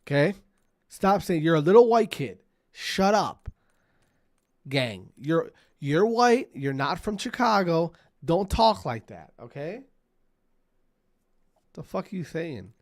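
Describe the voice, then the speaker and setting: This man's voice is on the high side and sing-song, slow with long pauses, as he streams a game. In casual commentary he curses at his teammates and repeats himself, with in-game gunfire audible behind him.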